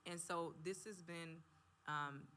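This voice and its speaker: A woman guest chats casually and tells her story with plenty of "like". Her voice sits slightly low but has a bright, forceful edge, and she sounds relaxed and conversational. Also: takes it slowly, a little hiss or hum. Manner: chatty, tells stories with lots of "like".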